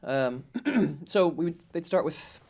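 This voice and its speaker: A man's voice: on the high side, takes it slowly, creaky, a little mellow. A man in casual conversation, explaining his family's customs with frequent ums and restarts. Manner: hesitant, many ums and restarts.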